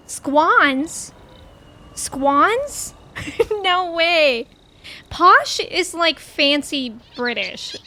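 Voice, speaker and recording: A woman's voice: sits high, pushed and bright, a little hiss or hum. A woman streamer chatting casually with her chat while she plays, giggly and talkative.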